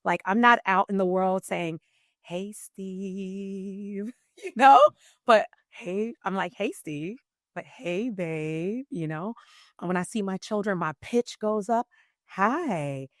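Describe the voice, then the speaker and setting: A woman voice coach talking in a podcast interview, expressive and emphatic, shifting her loudness and pitch to make a point. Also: normal speed, no room sound, studio quality. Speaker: voice coach guest.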